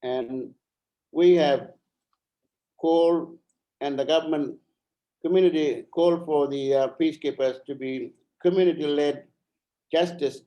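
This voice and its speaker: A middle-aged man from Arnhem Land, Australia, speaks as a member of parliament at an online forum. He's halting and earnest, repeats phrases, and sounds a little out of breath. His voice is a little high with a dark tone, and the recording is rough.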